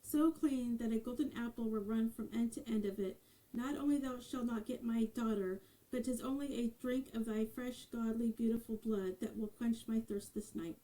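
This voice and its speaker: A menacing male giant from a storybook, as a woman reader puts him on, with a gruff, mellow, low-pitched voice. He speaks slowly and threateningly in old-fashioned words. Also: steady tone, lightly acted, low-quality recording. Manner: slow, threatening, archaic speech.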